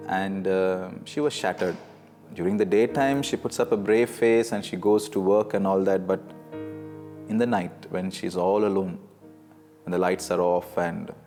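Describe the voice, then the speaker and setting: A man giving an earnest personal faith testimony, telling his story with halting restarts. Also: fairly low pitch, a little mellow. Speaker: testimony speaker. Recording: echoey hall with faint guitar.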